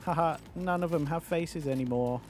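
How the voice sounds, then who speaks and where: A man's voice: on the high side, normal speed, soft background music. A man with a London accent chatting casually and swearing freely as he streams a game and answers chat. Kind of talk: casual chat while gaming.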